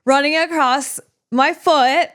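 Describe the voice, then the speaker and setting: Young adult woman, podcast guest, animated, filler-heavy, casual storytelling. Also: high-pitched, slow.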